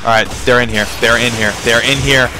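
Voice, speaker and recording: A man commentating a video game playthrough, swearing constantly and shouting when panicked. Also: medium pitch, fairly even intonation, a little fast, noisy background. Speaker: gamer. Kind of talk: profane let's-play commentary. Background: game music and sound effects.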